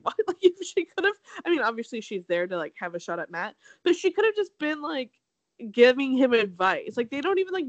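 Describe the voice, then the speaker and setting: Animated, chatty young woman with a dry sound. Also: no echo, dull audio. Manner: chatty, laughs often, acts out quotes with big pitch jumps. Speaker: podcast co-host. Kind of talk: casual chat recapping a reality show.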